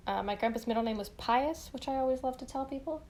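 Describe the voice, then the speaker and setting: A young woman with a fairly high voice co-hosts a podcast in loose casual chat. She laughs often and drops the odd swear word. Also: fast, darkish tone, slight background noise. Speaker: podcast co-host.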